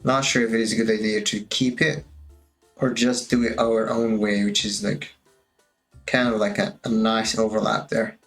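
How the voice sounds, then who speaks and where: A man's voice: fairly low pitch, level tone, normal speed, a bit bright, faint music behind. A man casually thinking aloud as he walks through his animation work on a stream, musing and drifting a little, with a touch of self-amusement.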